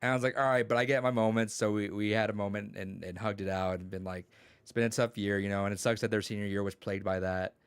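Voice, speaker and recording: On a podcast, a young co-host and teacher chats casually at a quick pace, with a lowish, smooth, level voice. His rambling stories are full of swearing and reported dialogue, recorded dry.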